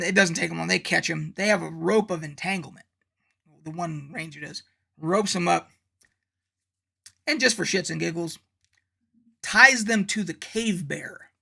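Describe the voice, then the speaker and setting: A man's voice: on the high side, creaky, bright, forceful tone. A man hosting his channel, casually recapping his tabletop campaign as game master in a rambling, profane way. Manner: rambling, profane, lots of fillers.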